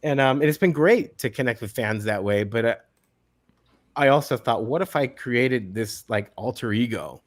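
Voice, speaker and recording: A man's voice: mid-range voice, moderate pace. Chatty man, middle-aged guest. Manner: animated storyteller, repeats words at starts. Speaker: actor guest. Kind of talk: casual interview chat.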